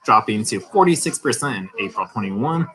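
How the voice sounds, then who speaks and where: A man's voice: lowish voice, animated, moderate pace, a bit bright, low-quality recording. A man hosting a crypto news channel, reading articles aloud and breaking off for chatty asides and laughs. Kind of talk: casual news reading and commentary.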